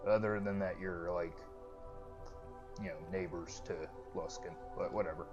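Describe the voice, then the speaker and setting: Brief: let's-play host, lowish man, dull lo-fi mic with game music. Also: fairly even intonation, unhurried. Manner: chatty, joking asides. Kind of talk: casual game commentary.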